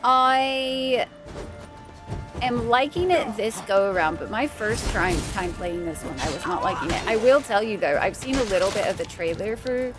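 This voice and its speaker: A woman live-streams a game, chatting casually with her viewers, thanking them by name and laughing easily. Her voice is medium in pitch at a normal speed, with faint game music behind her.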